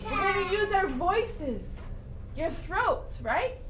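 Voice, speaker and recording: A woman leading a children's yoga class, cueing in a playful, excited way full of exclamations. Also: extremely high pitch, takes it slowly, recorded from a distance, background noise. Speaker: kids yoga teacher. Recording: roomy room with guitar music.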